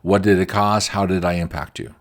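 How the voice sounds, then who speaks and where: A man voicing a brisk female pre-press coworker who calls early with direct questions. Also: low voice, fairly even intonation. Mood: concerned.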